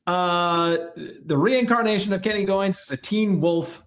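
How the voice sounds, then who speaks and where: A man's voice: sits high, a little slow, few pauses, a bit bright. A man co-hosting a casual sports podcast, talking animatedly and slipping into mocking impressions. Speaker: podcast co-host.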